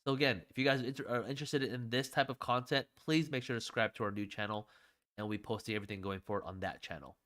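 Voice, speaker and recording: A man's voice: medium pitch, fast talker, a bit bright. A man co-hosting a casual livestream show, rambling, often talking to chat and laughing. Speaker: podcast co-host.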